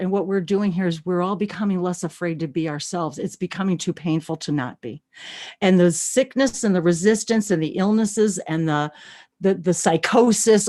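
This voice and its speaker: Older lady in her sixties gushing over a story on a livestream, giggly, squeals when excited. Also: mid-range voice. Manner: bubbly, breathless, laughs often, shrieks when excited. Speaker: co-host of a live channeling broadcast. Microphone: webcam on a video stream.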